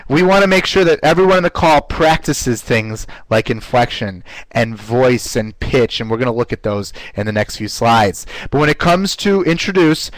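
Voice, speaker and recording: A man teaching a live online class on running webinars, speaking in an energetic coaching manner and often repeating words as he goes. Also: on the high side, no room sound, rough recording. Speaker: webinar instructor.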